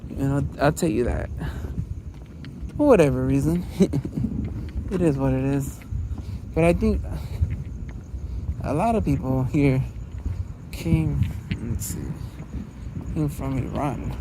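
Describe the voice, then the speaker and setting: Strolling his neighborhood, an LA-area vlogger rambles on in a chatty monologue, laughing a lot and using plenty of fillers. He speaks slowly and expressively at a medium pitch, with long pauses and a noisy background.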